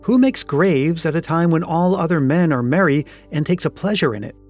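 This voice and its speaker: A man's voice: fairly high pitch, lively intonation, normal speed, darkish tone, voice pushed up. A man voicing a malicious male goblin who questions in a stern, mocking way, reading a storybook aloud with faint music behind.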